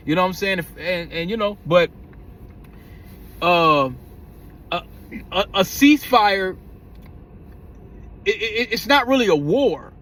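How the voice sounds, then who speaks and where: A man's voice: sits high, animated, moderate pace, pauses often, pushed and bright. A man talking casually in a vlog, rambling with slang and frequent stumbles and repeated words. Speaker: vlogger.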